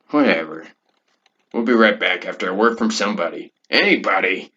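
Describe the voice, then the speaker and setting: A man hosting a comedy podcast, deadpan and zany by turns. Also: low voice, a little fast, slightly rough, muffled recording. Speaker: comedy show host. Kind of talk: comedic character host.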